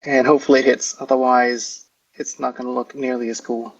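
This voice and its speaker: A man playing a tabletop role-playing game, casually describing his hero's moves in a halting, rambling way full of fillers. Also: medium pitch, little pitch movement, breathy edge. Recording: dull lo-fi audio.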